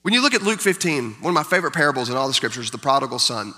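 A man's voice: medium pitch, sing-song, rapid-fire, sharp tone. A man preaching a sermon as pastor, emphatic, repeating key lines for effect. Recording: long hall reverb.

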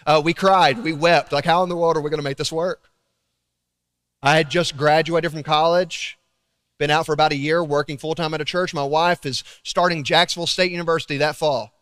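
A young man preaching a sermon, telling stories with loud emphasis and hushed asides. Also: fairly high pitch, smooth. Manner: animated storytelling, swinging between loud emphasis and hushed asides. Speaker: pastor. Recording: long reverb of a large hall.

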